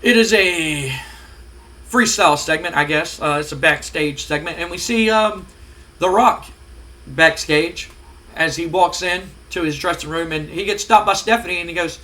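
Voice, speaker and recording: A man's voice: on the high side, normal speed, pushed and bright. A man hosting a casual let's-play commentary on a wrestling sim game, hesitant with many fillers. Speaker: gaming channel host.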